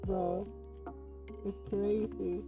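A woman's voice: medium pitch, little pitch movement, very slow, lo-fi sound, over music. A woman streamer chatting to her viewers, giggly and puzzled. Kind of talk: casual live-stream chat.

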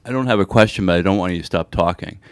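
Fast-talking man from the audience. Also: deep voice. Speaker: audience member. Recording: distant audience mic with crowd.

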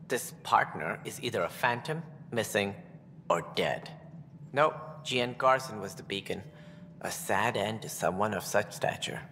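A haughty alien colony director. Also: male voice, on the low side, animated, measured pace, creaky, pushed and bright, slight background noise, heavily acted. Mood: stiff, formal. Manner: formal, condescending about commoners. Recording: game audio with long reverb and music.

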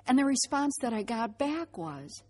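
A middle-aged woman telling her personal faith testimony as a vivid storyteller, acting out the dialogue and dropping to a hushed voice at reflective moments. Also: high-pitched, very animated, moderate pace, slightly rough. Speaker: speaker giving a faith testimony.

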